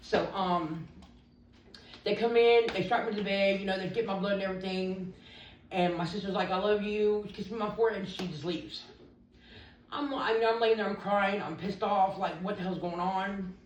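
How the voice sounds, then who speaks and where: Speaking at a moderate pace in a medium pitch, a woman gives an interview about her recovery, candid and meandering, often reciting what others told her. The recording is roomy from a distant mic, with a little background noise.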